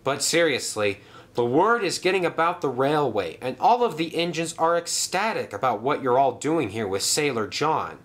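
A man's voice: medium pitch, very animated, normal speed, a bit bright. A man voicing a good-humoured male engine who speaks politely and with a chuckle. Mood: cheerful.

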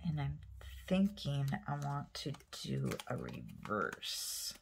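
Slow, chatty woman nail vlogger. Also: deep voice, slight background noise. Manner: rambling storytelling with many fillers. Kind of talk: casual chat while doing nails.

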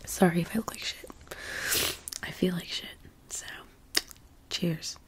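A young woman who is sick with the flu, talking in a soft-spoken, half-whispered ASMR ramble full of fillers. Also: lowish voice, fairly even intonation, measured pace. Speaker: ASMR channel host.

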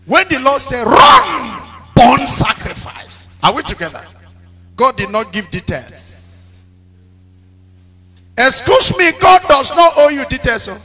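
Pastor guy preaching, really high bright voice, slow and drawn out, yells out questions for the crowd to answer. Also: sing-song. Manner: call-and-response preaching with sudden shouted bursts; dramatic storytelling. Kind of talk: sermon.

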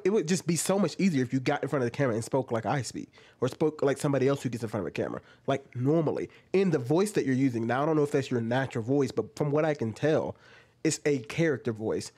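Brief: lively, fairly high-voiced guy reacting to a clip, incredulous and rambling. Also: breathy edge. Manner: animated and incredulous, rhetorical questions, mimicking asides. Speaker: commentator reacting to a video. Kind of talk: casual reaction commentary.

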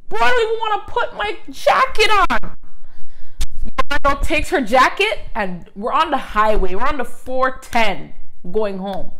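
A young woman, a hairstylist telling a slangy, animated storytime in her vlog. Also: mid-range voice. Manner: animated, slangy, acts out the other people's lines. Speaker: hairstylist vlogger.

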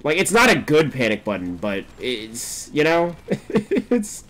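A young man giving casual live commentary over a game, voice swinging all over the place in pitch. He laughs, curses freely and jumps from mumbling asides to loud yelps. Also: normal speed. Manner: swears a lot, laughs, excitable outbursts. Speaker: streamer.

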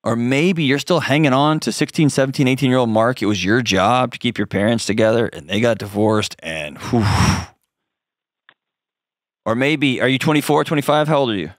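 A man's voice: medium pitch, normal speed, no room sound, studio quality. A man hosting a call-in advice show, coaching a caller in an earnest, direct way with frequent restarts.

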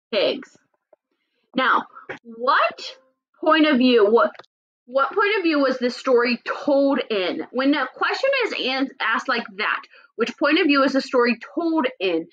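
Lively teacher reading a storybook aloud. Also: female voice, high-pitched, highs cut off. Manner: animated, checks in with listeners often. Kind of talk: classroom lesson and read-aloud.

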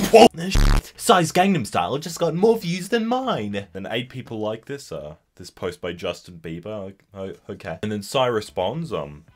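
A young man doing sarcastic meme commentary. His pitch swings a lot as he mocks each joke, sometimes bursting out loud. The delivery is animated and full of put-on voices. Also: moderate pace, hardly any pauses, soft background music. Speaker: comedy commentary host.

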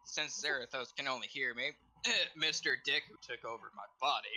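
Sarcastic man with a bright, tense voice. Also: mid-range voice, normal speed, low-quality recording. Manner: sarcastic and indignant. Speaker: tabletop game player. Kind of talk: casual in-character and table talk.

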